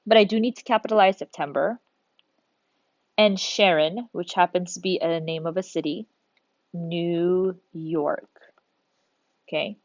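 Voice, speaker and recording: A woman's voice: fairly low pitch, no room sound, lo-fi sound. A woman teacher talking through a recorded grammar lesson, patient, step by step, thinking aloud as she works.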